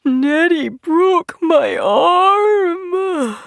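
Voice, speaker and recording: A man's voice: very high voice, lively intonation, very slow, vocal fry, fairly bright tone, no room sound, studio quality, voice pushed up, exaggerated voice. A woman voicing a frightened, childlike male asylum patient who squeals and wails. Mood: crying squeal. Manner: squealing, wailing.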